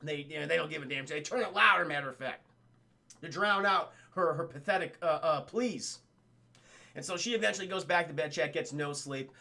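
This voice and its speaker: A man's voice: a little high, a little fast, gravelly, bright, forceful tone. A young man streaming a casual, profane film recap, constantly talking to his chat. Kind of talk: casual livestream commentary.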